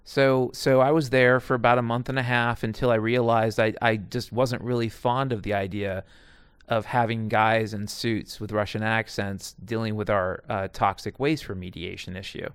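A man's voice: fairly low pitch, little pitch movement, moderate pace, smooth, no room sound, studio quality. Rambling, foul-mouthed man telling stories. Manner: digressive, profane, frequent restarts and asides. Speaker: storyteller recounting past jobs. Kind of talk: casual rambling monologue.

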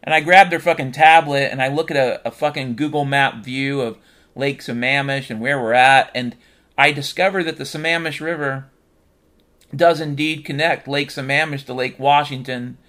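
A man telling a rambling comic story, swearing constantly and tossing in deadpan asides. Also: medium pitch, moderate pace. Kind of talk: comedic rambling monologue.

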